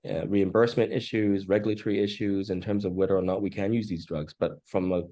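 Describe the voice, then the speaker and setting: A man, an oncologist, giving a measured talk in his early-morning voice over a video call, pausing often with "uh". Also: sits low, fairly even intonation, warm tone. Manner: measured, frequent "uh" pauses. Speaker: oncologist presenting research. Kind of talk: conference talk and Q&A.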